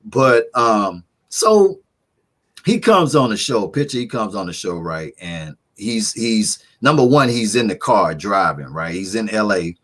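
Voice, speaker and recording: A man guesting on an interview, telling a lively, slangy story. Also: lowish voice, measured pace. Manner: animated, full of slang and repeated "man". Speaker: podcast host, guest.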